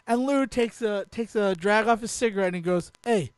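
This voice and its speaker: A man's voice: sits high, a little fast, clear, resonant tone. A man co-hosting a podcast, telling a story in casual chat, laughing as he goes and swearing freely. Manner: laughs through his stories, swears freely. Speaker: podcast co-host.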